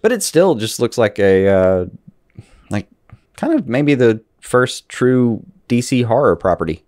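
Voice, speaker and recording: A man's voice: mid-range voice, big pitch swings, a little slow, darkish tone, no echo, studio quality. A man co-hosting a podcast, easygoing and wry, chatting casually and laughing at himself. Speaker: podcast co-host. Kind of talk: casual chat.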